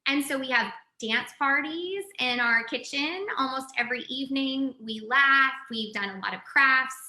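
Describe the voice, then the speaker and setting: A woman from West Texas in her forties, talking in a chatty, animated way as a guest on a video call interview. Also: high-pitched, moderate pace, reverberant. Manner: chatty, animated, laughs easily. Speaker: guest, communications executive.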